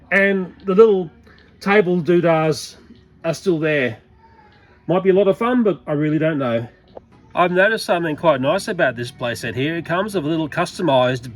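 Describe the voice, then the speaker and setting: A man's voice: on the high side, moderate pace. A man talking casually in a toy-collecting vlog, chatty and often exclaiming in exasperation.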